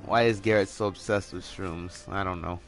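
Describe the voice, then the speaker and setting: Guy livestreaming a game, swears constantly, gets loud and excited, bit of music in the background. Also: sits low, moderate pace. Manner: profane, excitable, laughs often. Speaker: gaming streamer. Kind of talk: casual live gameplay chat.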